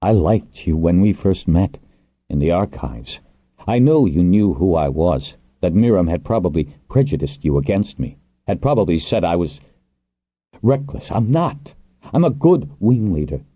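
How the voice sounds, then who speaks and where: An earnest young dragonrider wing leader, tender but intense, as a male narrator plays him. His husky voice lifts and falls widely. The recording is tinny and dry. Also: sits low, lively intonation, moderate pace, no echo, pitched above the performer's own voice.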